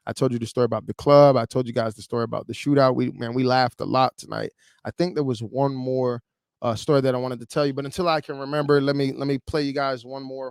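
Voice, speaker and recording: A man in his thirties from Chicago tells a personal story on a livestream. He speaks in a casual, emotional way, full of "like" and "you know." His voice sits at a middle pitch, and it sounds dry and close to the mic. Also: vocal fry, clean tone, no echo. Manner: emotional, conversational, many fillers. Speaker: livestream host.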